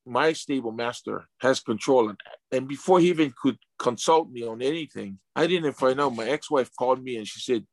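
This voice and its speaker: Male interview guest, mid-pitched, emotional storyteller who stumbles and repeats, dry close sound. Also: fairly quick, few pauses, dry recording. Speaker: interview guest, retired sumo wrestler.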